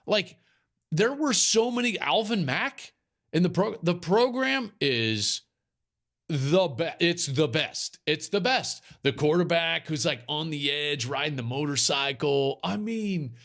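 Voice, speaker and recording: On this football podcast, the host's voice sits a little high and sounds a bit bright. He keeps things casual but emphatic, circling back to restate his points for effect.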